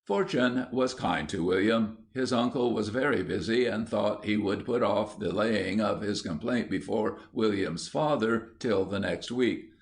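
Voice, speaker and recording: A man narrating a children's storybook in an even storytelling manner. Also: on the low side, a little slow, hardly any pauses. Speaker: audiobook narrator. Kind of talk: scripted narration.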